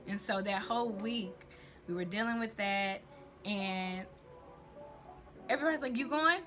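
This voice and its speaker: A woman's voice: medium pitch, measured pace, fairly bright tone. A young woman tells a personal story in a candid, slangy, faith-centered vlog. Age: young adult. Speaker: vlogger. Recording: music playing underneath.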